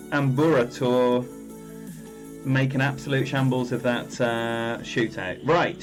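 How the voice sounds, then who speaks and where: Chatty man streaming a game. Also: medium pitch. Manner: chatty, rambling, greets viewers by name. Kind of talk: live-stream game commentary.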